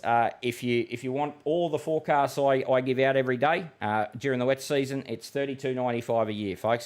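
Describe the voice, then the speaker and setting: An Australian man in a relaxed livestream chat, talking in a mid-pitched voice. He goes through forecasts and viewer questions in a friendly, matey tone, full of fillers and restarts. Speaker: weather forecaster and livestream host. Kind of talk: casual livestream chat reading viewer comments.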